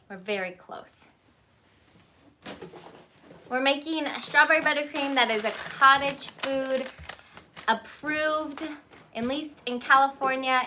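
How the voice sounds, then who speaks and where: A woman in her thirties with a fairly high, very bright voice chats her way through a live baking stream from her phone. She greets viewers by name and breaks off to tell her children what to do. A faint noise hangs behind her small home kitchen. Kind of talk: casual live-stream chat.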